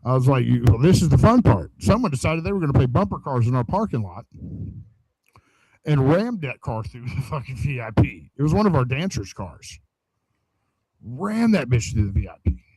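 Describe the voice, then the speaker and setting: Profane, animated man telling a story. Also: mid-range voice, fairly quick, slightly rough, no echo, poor audio. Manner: profane, animated storyteller acting out quoted dialogue. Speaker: podcast co-host telling a story. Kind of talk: casual storytelling chat.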